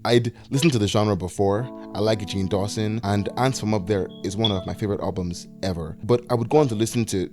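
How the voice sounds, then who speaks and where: Young man, twenties, from nigeria, low voice, reflective essay narration, faint guitar underneath. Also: a little fast, hardly any pauses, a little mellow. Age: 20s. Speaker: video essayist.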